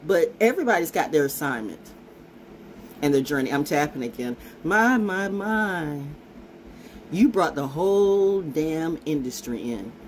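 A woman's voice: deep voice, slight background noise. A woman vlogger talking in a brash, profane, rambling monologue that keeps circling back and repeating its phrases. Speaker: vlogger and self-styled oracle.

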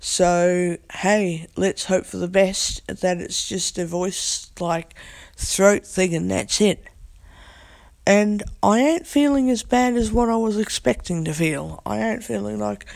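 A woman with a hoarse, croaky voice, chatting casually in a vlog from her bed, recorded on a phone. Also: mid-range voice, takes it slowly, darkish tone. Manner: rambling, chatty. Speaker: vlogger. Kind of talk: casual chat. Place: in bed at home.

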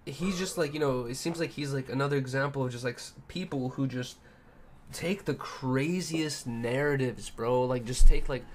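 A man's voice: mid-range voice, moderate pace, slight background noise. A man streamer talking casually in a rambling way, full of fillers. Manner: rambling, filler-heavy, says bro.

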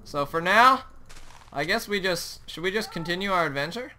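A young man hosting a Minecraft let's play, talking excitedly over his gameplay and yelping at sudden moments. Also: high voice, normal speed, a little hiss or hum. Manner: excitable, yelps and shouts at the game. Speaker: gaming channel host.

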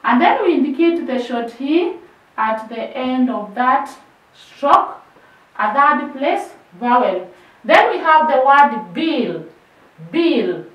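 A woman's voice: high voice, recorded from a distance, lo-fi sound. Kenyan woman teaching in an echoey room. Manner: repeats each word several times, trailing off softer. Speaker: shorthand teacher. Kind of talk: classroom lesson, slow drilled repetition.

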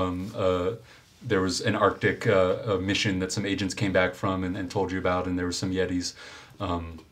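A man with a very low voice runs a tabletop game, narrating the scene at an unhurried pace. He thinks aloud as he goes, with frequent fillers and restarts. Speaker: game master.

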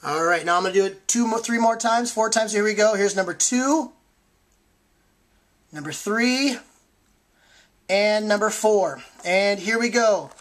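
A woman's voice: medium pitch, measured pace, pauses often. A woman hosting a sports card giveaway in a casual vlog, talking eagerly with lots of fillers and self-corrections.

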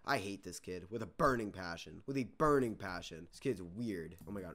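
Bright-voiced young man trash-talking gameplay. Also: fairly low pitch, normal speed, few pauses, soft background music. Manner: frustrated, trash-talking, swings between muttering and yelling. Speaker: gaming YouTuber. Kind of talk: live gameplay commentary.

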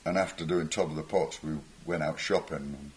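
Fairly quick and steady in tone, an older man speaks in an extremely low-pitched voice. He's a musician appearing as a stage guest, telling rambling stories complete with chuckles and acted-out voices.

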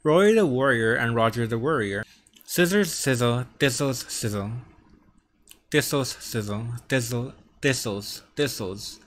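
A man's voice: medium pitch, lively intonation, unhurried, fairly bright tone, a little hiss or hum. Man with a stutter and a lisp. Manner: stutters, repeating sounds and words. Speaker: vlogger. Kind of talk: practicing tongue twisters on camera. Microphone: wearing earphones.

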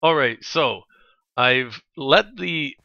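A man with a Canadian accent streaming a video game, chatting in a rambling, jokey way and quick to laugh. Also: medium pitch, vocal fry, pushed and bright, no echo, lo-fi sound. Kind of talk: casual gameplay chat.

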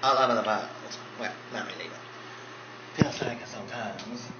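Dude doing bossy old-timer drag mom, drawly, darlings this darlings that. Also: male voice, on the low side, moderate pace, close to an everyday voice. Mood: boastful. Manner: drawling, calls people darlings. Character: veteran drag mother, proud and bossy. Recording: dull roomy recording with hiss.

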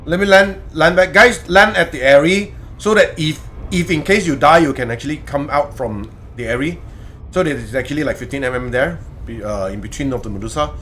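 Bright-voiced man in loose gaming banter. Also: on the high side, brisk, a little hiss or hum. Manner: loose, swearing, laughing banter with chat. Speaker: game streamer. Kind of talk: casual live-stream chat while gaming.

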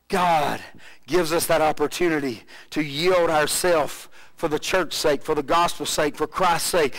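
A man preaching a sermon as pastor, full of rhetorical questions and swings between rising fervor and quiet low passages. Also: rough recording.

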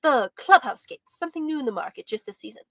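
A condescending boy, read aloud by a woman, brags in an offhand, careless way. The voice sits fairly high. The sound is dry and close. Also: big pitch swings, quick pace, vocal fry, fairly bright tone, dry recording, heavily acted. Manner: offhand, boastful.

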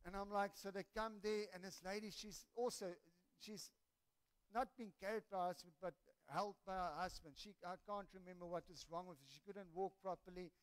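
A man preaching with a high, smooth and clear voice. He tells stories in an animated, halting way, restarting his sentences often as he moves through the sermon. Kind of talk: sermon with storytelling.

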